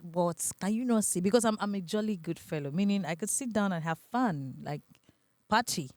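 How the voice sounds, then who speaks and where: A woman's voice: medium pitch, moderate pace, no room sound. A young adult woman with a Nigerian accent, a podcast guest telling her story in casual conversation and acting out the voices she quotes. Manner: animated, acts out quoted voices, laughs often.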